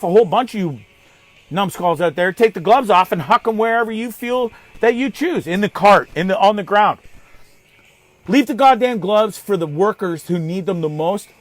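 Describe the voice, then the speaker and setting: A man in his thirties from Canada, hosting a live show and ranting in an animated, exasperated way, swearing and calling people names. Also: sits high. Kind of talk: ranting monologue.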